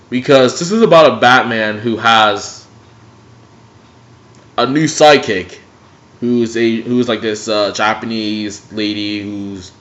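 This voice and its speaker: A young man ranting casually about TV cartoons in a dim room at home, animated and profane. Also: mid-range voice. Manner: animated, profane, jumps between mocking impressions. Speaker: video blogger. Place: dimly lit room at home. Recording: dull, lo-fi home recording.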